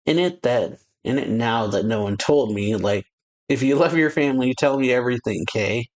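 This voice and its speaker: A man reading out a sly, playful male vampire in a teasing, lightly mocking tone, a little higher than his own voice. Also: moderate pace, a little mellow, lightly acted.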